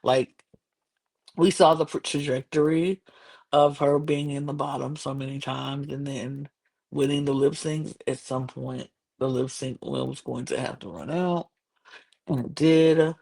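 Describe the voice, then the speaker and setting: A woman's voice: very deep voice, fairly even intonation, measured pace, creaky, darkish tone. A woman hosting a podcast, chatting casually through a show recap with many fillers and restarts. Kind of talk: casual chat.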